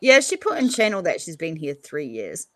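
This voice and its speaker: A woman's voice: lowish voice, very animated, normal speed, dry recording, clean studio sound. A woman hosting a casual livestream, reading out viewer comments and chatting back to them. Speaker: livestream host reading chat.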